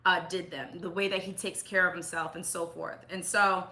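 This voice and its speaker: Bright-voiced woman telling heartfelt stories. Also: fairly low pitch, flat delivery, moderate pace. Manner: earnest, reflective, emphatic with repeated phrases. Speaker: interview guest. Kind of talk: heartfelt conversational storytelling.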